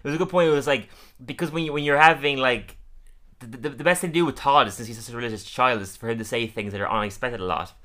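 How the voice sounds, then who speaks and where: A man's voice: medium pitch, fast talker, bright, forceful tone. A man co-hosting a podcast, giving a casual review in which he laughs often and stumbles over repeated words as he restarts. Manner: laughs often while recapping scenes. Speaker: podcast co-host. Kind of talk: casual episode review chat.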